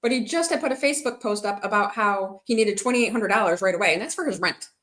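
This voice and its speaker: Woman streamer, middle pitch, bright and forceful tone, rambling casual chat with her viewers. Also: fast. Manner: chatty, rambling, reads out and answers viewer comments. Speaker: livestreaming vlogger.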